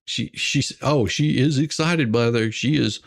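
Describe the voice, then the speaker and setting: A man's voice: mid-range voice, unhurried, gravelly. A man hosting a livestream, riffing in a rambling, mocking way, laughing and repeating himself. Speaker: livestream host reacting to court drama. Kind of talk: casual commentary.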